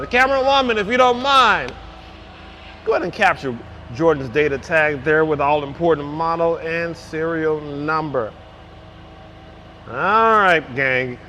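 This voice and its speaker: A man shows off a forklift outdoors, hyped and exuberant, piling up repeated praise. His voice sits high and leaps all over the place. A faint wash of outdoor vehicle noise runs underneath. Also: lively intonation, a little slow, sharp tone. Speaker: forklift salesman demonstrating a lift. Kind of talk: enthusiastic product demo.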